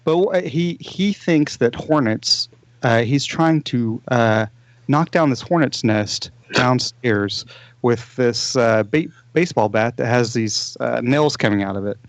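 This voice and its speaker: A man's voice: mid-range voice, a little slow, muffled recording. Rambling man retelling a sitcom plot. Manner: rambling, retells plots with many fillers and restarts. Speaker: podcast co-host. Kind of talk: casual movie podcast chat.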